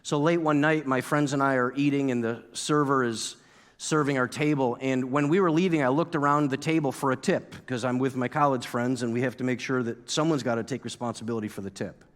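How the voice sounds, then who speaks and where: A pastor from New York giving a sermon, telling a story and acting out his own past outburst with lively energy. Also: medium pitch, a little fast. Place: church sanctuary. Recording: long reverb of a church hall.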